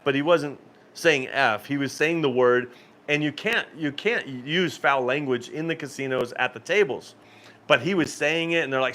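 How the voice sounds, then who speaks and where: A man's voice: on the high side, moderate pace, fairly bright tone. A man hosting a cruise channel live stream, telling stories in a rambling, casual way with frequent laughs and restarts.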